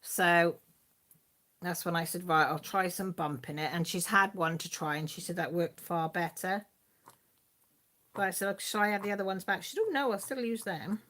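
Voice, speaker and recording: Chatty woman with a lowish voice. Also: fairly even intonation, moderate pace, fairly bright tone. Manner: rambling, chatty storytelling with frequent fillers; laughs and does playful voices for family members. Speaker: channel host. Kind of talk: live-stream casual chat.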